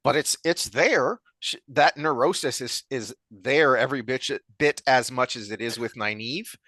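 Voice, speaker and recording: A man co-hosting a podcast, talking in a rambling, animated way with frequent restarts. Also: mid-range voice, normal speed, dry recording. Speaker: podcast co-host. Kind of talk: casual chat.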